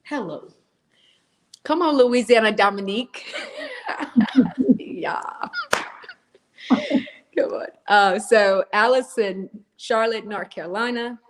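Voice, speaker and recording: Slow-talking woman greeting viewers. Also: medium pitch. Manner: chatty, greets viewers warmly, laughs often. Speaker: co-host. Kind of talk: live-stream chat, reading out viewer names.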